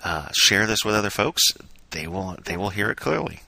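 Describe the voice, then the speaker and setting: A man's voice: fairly low pitch, lively intonation, moderate pace, creaky, bright, forceful tone, no echo. A man hosting an interview, asking questions and encouraging his guest in a conversational way. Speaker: podcast host.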